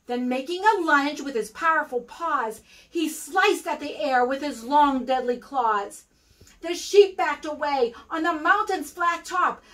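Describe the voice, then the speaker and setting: An American woman reads a rhyming picture book to young children in a sing-song storytelling manner. Her voice is high and bright, and her pace is slow. The mic is slightly distant. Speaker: guest reader for kindergarten.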